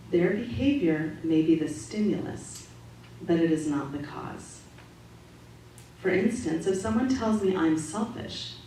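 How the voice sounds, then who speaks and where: A woman giving a calm, measured, gently instructive Sunday talk to a congregation, as a spiritual practitioner. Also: fairly low pitch. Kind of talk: sermon-style talk to a congregation. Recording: echoey hall audio from far off, faint noise.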